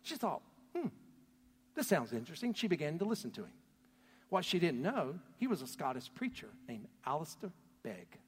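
A man preaching a sermon, telling a story earnestly, his voice swelling loud and then dropping to a near hush. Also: fairly high pitch, huge pitch swings, normal speed, a little hiss or hum. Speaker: pastor. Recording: long hall reverb.

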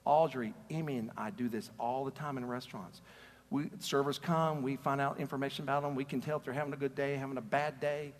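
A man's voice: medium pitch, steady tone, a little fast. A man preaching a conversational sermon as pastor, earnest and storytelling, often repeating words as he starts a sentence. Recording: long reverb of a large hall.

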